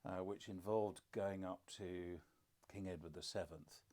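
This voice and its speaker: Co-hosting a podcast, a father and older man chats casually with a low, deep voice, speaking a little slowly. His stories come out reflective, sprinkled with dry jokes at his own expense.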